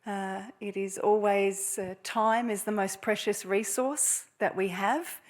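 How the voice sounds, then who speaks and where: A woman's voice: medium pitch, steady tone, takes it slowly. A middle-aged Australian woman, a professor of music therapy, giving a public lecture in an earnest, reflective way and laughing lightly now and then.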